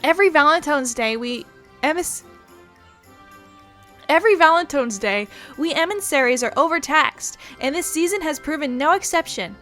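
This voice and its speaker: Woman voicing a high, flustered little moogle postman, formal and grumbling, game role. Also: animated, moderate pace, sharp tone, soft background music. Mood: fussy exasperated. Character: fussy harried little male moogle courier.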